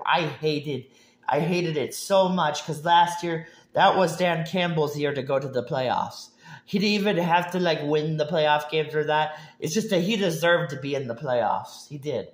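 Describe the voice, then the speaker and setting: A young man ranting casually about football, rambling with many restarts and heated outbursts. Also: a little high. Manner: bursts into shouting and laughter. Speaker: sports vlogger. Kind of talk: casual sports rant.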